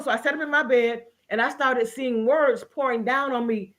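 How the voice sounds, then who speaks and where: A woman's voice: a little high, fairly even intonation, moderate pace, a bit bright. Earnest woman sharing a personal story. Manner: earnest, emotional testimony with many restarts. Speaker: guest. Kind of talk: casual interview conversation.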